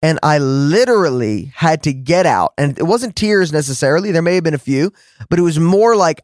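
An earnest man teaches on a faith podcast, talking to his listeners in a conversational way. His voice sits a bit high for a man, and he acts out his own past words with lively jumps. The sound is dry and close, with no room echo. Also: moderate pace. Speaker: podcast host and preacher.

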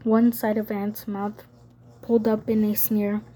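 A woman reading a novel aloud as an audiobook narrator, measured and even. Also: medium pitch. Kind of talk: scripted narration.

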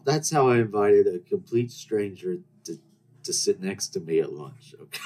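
A young man with a fairly low voice tells rambling anecdotes in a casual monologue. His pitch moves widely and expressively as he mocks his own awkward moments. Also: expressive, normal speed. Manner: rambling, self-deprecating anecdotes with acted-out quotes. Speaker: podcast host.

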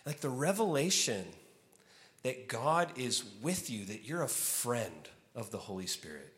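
A man preaching a sermon as a guest speaker, telling a personal story in an animated way and acting out what was said, then easing into softer, reflective teaching. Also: medium pitch, unhurried. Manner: animated, acts out his own story with loud exclaimed quotes; drops to soft, hushed delivery for reflective points. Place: church sanctuary. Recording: long reverb of a large hall.

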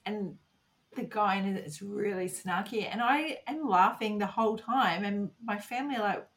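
A woman's voice: mid-range voice, normal speed. A woman with an Australian accent, a guest author chatting in a casual podcast interview, giggly and sarcastic as she tells stories.

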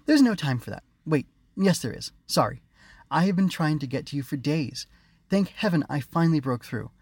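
A man voicing a small, brisk, chatty magical butterfly creature with high, quick, fussy chatter, for an audiobook. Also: big pitch swings, darkish tone, slightly rough, no echo, full character voice. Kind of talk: audiobook character reading.

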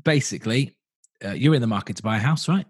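A man's voice: medium pitch, lively intonation, fast talker, breathy edge, no echo. A man from southern England co-hosting a podcast in casual chat, playful and teasing. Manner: playful, teasing, chuckles often. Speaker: podcast co-host.

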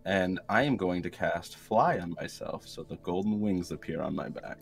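A man playing a tabletop game, chatting casually in an excitable, playful way with some swearing. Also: deep voice, normal speed, vocal fry. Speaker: player. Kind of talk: casual chat.

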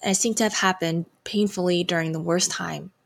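A woman's voice: on the low side, steady tone, fairly quick, gravelly. A woman in her twenties hosting her own podcast, reading a reflective solo intro with a slightly hesitant delivery. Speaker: podcast host.

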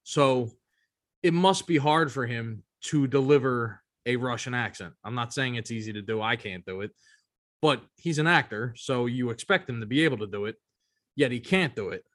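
A male podcast co-host in loose, casual chat, talking in long rambling runs with plenty of emphasis. His voice sits at an ordinary middle pitch. It sounds close and dry, with no room around it. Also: normal speed, a bit bright, no room sound. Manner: rambling, emphatic, frequent "you know what I mean".

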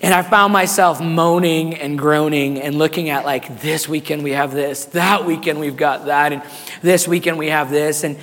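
A man preaching a sermon as pastor, hoarse and raspy, animated and calling on the congregation to respond. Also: fairly high pitch, normal speed, long reverb tail.

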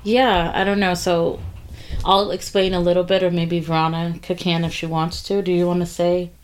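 A woman's voice: on the low side, level tone, normal speed. A woman co-hosting a podcast in casual chat, telling a story in a blunt, chatty way. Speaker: podcast co-host.

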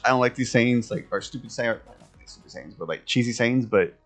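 A man's voice: mid-range voice, quick pace, faint music behind. A man co-hosting a casual podcast, giving earnest, encouraging advice. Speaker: podcast co-host. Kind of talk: casual chat.

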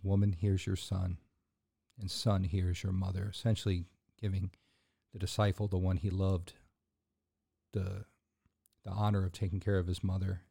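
A deep-voiced man with a gravelly edge and a dark, mellow tone hosts a faith podcast. He preaches in an earnest, conversational way, loose with fillers, then swells into emphatic lines when he drives a point home. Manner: casual fillers and restarts between points. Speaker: podcast host. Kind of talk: sermon-style podcast talk.

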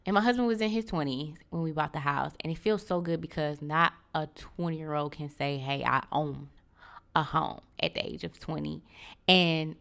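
Chatty twenty-something woman, lowish voice. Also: normal speed, gravelly, a bit bright, smooth. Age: 20s. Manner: chatty, addresses listeners as y'all. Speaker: podcast host. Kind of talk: casual solo podcast chat.

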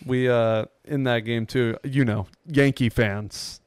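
A young man on a podcast telling excited, rambling stories in casual chat. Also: medium pitch, takes it slowly, clean tone, dry recording, studio quality. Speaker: podcast co-host.

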